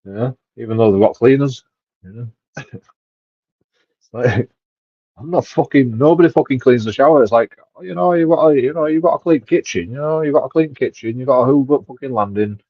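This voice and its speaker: Husky man ranting. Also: mid-range voice, a little fast, dry recording. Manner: swears heavily, rambling, with restarts and laughs. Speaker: vlogger. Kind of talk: casual ranting monologue. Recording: dull lo-fi dry sound.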